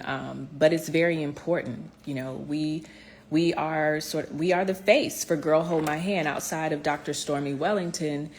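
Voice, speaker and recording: Earnest low-voiced woman vlogging. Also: a little hiss or hum. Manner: earnest, heartfelt, many fillers and restarts; speaks directly to viewers, encouraging. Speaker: motivational speaker. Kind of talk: personal motivational vlog talk.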